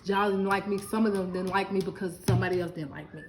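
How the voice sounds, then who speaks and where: A woman's voice: medium pitch, fast talker, noisy background. A middle-aged woman from Lubbock, Texas, chatting and laughing with her viewers in a casual live stream. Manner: chatty, animated, laughing, talks straight to viewers.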